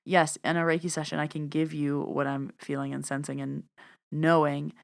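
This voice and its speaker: Young woman host, deep and smooth, relaxed solo musing. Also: normal speed. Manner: casual, reflective, repeats questions. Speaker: podcast host, energy worker. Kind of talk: solo podcast talk.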